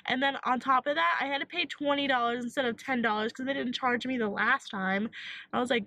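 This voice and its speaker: A young woman vlogging while sick with a sore throat, telling an animated storytime with lots of likes and acted-out quotes. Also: on the high side, a little fast, no room sound. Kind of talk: casual storytime vlog.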